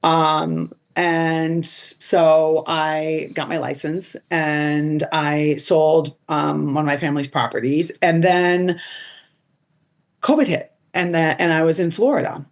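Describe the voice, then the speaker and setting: A woman's voice: sits low, slow pace. A middle-aged woman as a podcast guest, telling casual stories full of "like" and quoting people in put-on voices. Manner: animated, quotes people in put-on voices, lots of "like". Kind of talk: casual storytelling interview.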